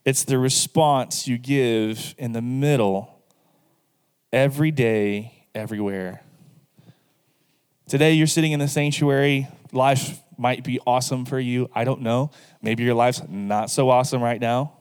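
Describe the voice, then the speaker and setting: A male pastor delivering a sermon in a church sanctuary, his voice smooth and resonant. He talks earnestly and directly to the people in front of him, then leads them line by line in prayer. A long hall reverb trails behind his words. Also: mid-range voice, a little slow, darkish tone.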